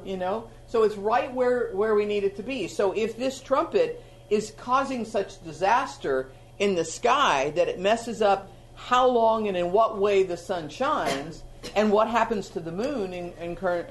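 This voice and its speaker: Preacher, sermon, chatty teaching tone, sudden loud emphasis, middle pitch, faint background noise.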